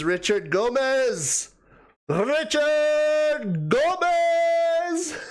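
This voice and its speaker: Male livestream host, slow and easygoing, slightly high voice, reads comments aloud and laughs a lot. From Canada. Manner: chatty, laughs often, greets viewers one by one. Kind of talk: casual live chat reading viewer comments.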